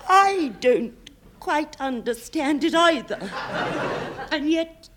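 A woman's voice: high-pitched, lively intonation, takes it slowly, background noise. A woman playing a melodramatic genteel lady lover in a parody romance, with an overwrought, swooning delivery.

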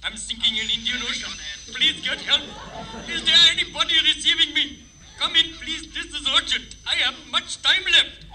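A man's voice: very high-pitched, normal speed, noisy background. A man voicing a panicking sailor sinking at sea, calling frantically for help over the radio. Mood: frantic. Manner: frantic radio distress call.

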